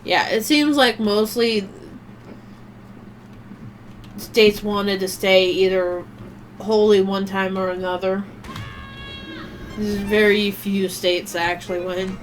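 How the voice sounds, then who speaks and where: A woman's voice: medium pitch, steady tone, measured pace, soft background music. A woman streamer chatting casually while she plays a game, rambling and swearing offhandedly. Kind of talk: casual chat while gaming.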